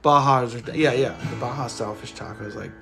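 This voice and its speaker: Gravelly laid-back man chatting on a livestream. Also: medium pitch, fast talker, bright, forceful tone, faint music behind. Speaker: livestream host. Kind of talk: casual livestream chat reading comments.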